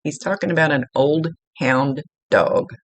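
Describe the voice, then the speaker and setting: A woman working as a psychic medium, giving a casual, chatty reading, blunt and quick to laugh, with the odd swear. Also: low-pitched, no room sound. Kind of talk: casual spoken reading for a client. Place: indoors at a table.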